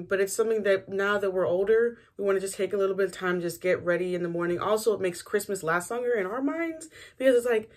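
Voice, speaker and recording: Young woman, bit hoarse from morning, rambly and self-deprecating while she gets ready. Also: medium pitch. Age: young adult. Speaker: beauty vlogger. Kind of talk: casual get-ready-with-me chat.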